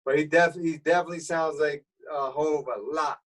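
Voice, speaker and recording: Radio DJ guest, male, streetwise and easygoing, slightly raised pitch, heard from a little off the mic. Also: moderate pace. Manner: relaxed, explanatory, streetwise talk. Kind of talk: casual interview chat. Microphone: remote call. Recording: voice a bit far from the mic.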